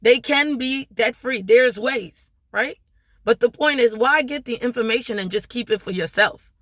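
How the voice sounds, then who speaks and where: A small business owner and vlogger from Maryland speaks in a fairly high, slightly bright voice at a moderate pace, with a local accent. Recorded cleanly in a studio with no echo, she delivers an impassioned, preachy motivational talk to her viewers, emphatic and full of rhetorical questions she keeps capping with "right?"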